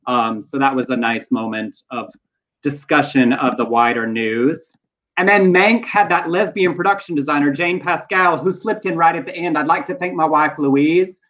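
A chatty man co-hosting a podcast, moving through the news with quick asides. His voice sits a little high, and the lo-fi recording sounds muffled and dull. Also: a bit bright. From Texas. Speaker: podcast co-host. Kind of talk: casual news chat.

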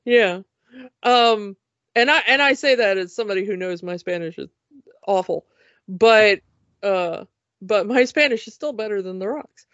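A woman's voice: medium pitch, expressive, normal speed, fairly bright tone, dry recording. A woman chatting casually about a movie as a podcast co-host, laughing often and acting out silly quotes. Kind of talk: casual movie review chat. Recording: dull lo-fi dry sound.

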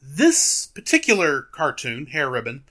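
Podcast guy telling a story, super animated, bright voice, laughs a lot. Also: on the high side, measured pace. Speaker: podcast co-host, film reviewer. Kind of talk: casual chat.

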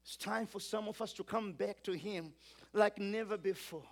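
A man delivers a sermon in a high voice. He preaches with emphasis, stacking repeated phrases and swinging between loud and quiet passages as he leads his listeners. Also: moderate pace. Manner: emphatic, repetitive build-ups, urges congregation to repeat.

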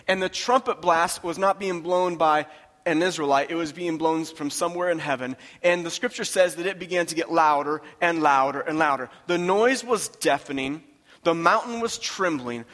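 A man's voice: a little high, a bit bright, big-room sound. A man preaching a sermon, talking in a conversational, emphatic way and repeating his phrases for weight. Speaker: pastor.

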